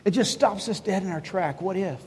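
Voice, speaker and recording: A man's voice: high-pitched, fairly quick, darkish tone, big-room sound, a little hiss or hum. A man preaching a sermon to a congregation, talking in a conversational way, asking the listeners questions and acting out lines of dialogue from the story. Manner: conversational preaching, asks the congregation questions, voices God and Moses in quotes. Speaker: pastor. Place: church hall before a congregation.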